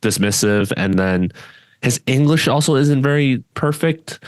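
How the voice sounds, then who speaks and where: A man's voice: mid-range voice, expressive, a little slow, clean tone. A man co-hosting a podcast, chatting casually and bluntly, often trailing off and restarting his sentences. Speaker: podcast co-host.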